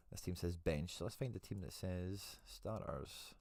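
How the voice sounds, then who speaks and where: Chatty man, low voice. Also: measured pace, gravelly, darkish tone, no echo. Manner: chatty, thinks aloud, reads out viewer comments. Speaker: host. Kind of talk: live-stream commentary.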